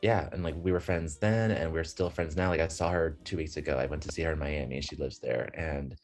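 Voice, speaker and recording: Young man, very low voice, animated storyteller, video call audio, faint music behind. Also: a little fast. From United States. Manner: animated, laughing, acts out voices in his stories. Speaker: guest. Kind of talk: casual storytelling chat.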